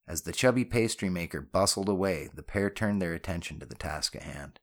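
A man reading scripted fiction narration in a steady, even storytelling manner. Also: low voice, fairly quick, few pauses. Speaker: audiobook narrator.

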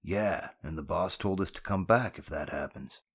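Man doing a gravelly, blunt tough-guy crook. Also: low voice, moderate pace. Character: tough gruff male criminal, blunt and sardonic.

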